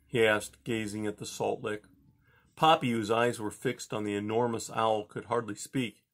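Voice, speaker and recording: A man calmly reading a children's novel aloud, chapter by chapter. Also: on the low side, a little slow. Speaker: audiobook reader.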